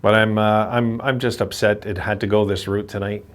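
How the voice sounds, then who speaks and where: A man's voice: lowish voice, little pitch movement, normal speed. A man giving a frustrated postgame rant as a hockey fan commentator, repeating himself and cursing at his team. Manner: frustrated, ranting, repetitive.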